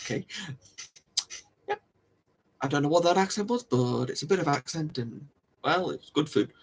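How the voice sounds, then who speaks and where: A man's voice: a little high, expressive, normal speed. A man hosting a livestream, chatting casually to viewers in a rambling way, often laughing and repeating himself. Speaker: livestream host. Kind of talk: casual chat to live viewers.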